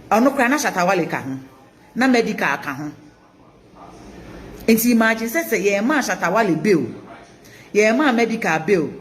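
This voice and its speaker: A Ghanaian woman hosting a live stream, mixing Twi and English, reading viewer comments in an animated, chanting way. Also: mid-range voice. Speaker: host of an online news channel.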